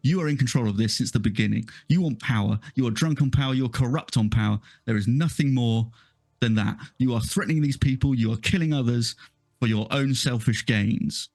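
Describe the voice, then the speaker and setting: A man's voice: medium pitch, brisk, darkish tone, lightly acted. A man playing an outspoken father who angrily accuses a village leader. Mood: accusing. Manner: indignant, accusing. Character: angry middle-aged father, outspoken accuser.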